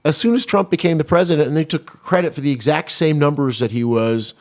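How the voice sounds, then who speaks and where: A man's voice: on the high side, fast. A man co-hosting a political talk show, giving opinionated, wry commentary with many restarts. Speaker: co-host of a political radio show.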